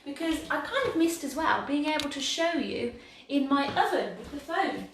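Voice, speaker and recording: A woman's voice: high-pitched, big pitch swings, moderate pace. A bubbly, chatty woman from England hosting a home baking livestream, cheerful and self-mocking. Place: home kitchen. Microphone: laptop mic from across the room. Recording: very echoey room, far from mic, faint background noise.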